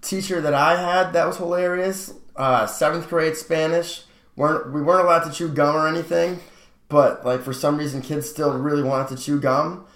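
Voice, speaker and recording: A man telling a casual story on a podcast, relaxed and a little halting. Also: on the high side. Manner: relaxed, halting, with many fillers. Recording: roomy echo.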